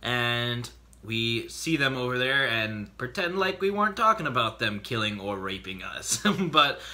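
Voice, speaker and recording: A man vlogging, telling a funny personal story in an animated, joking way with quick bursts of speech. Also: mid-range voice.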